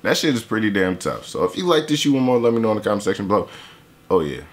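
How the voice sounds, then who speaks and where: A man's voice: lowish voice, big pitch swings, fast talker. A young man giving a casual, joking reaction to a song. He swears a lot and slips into mocking impressions of other people. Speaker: YouTuber reacting to a diss track. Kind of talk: casual profane reaction commentary.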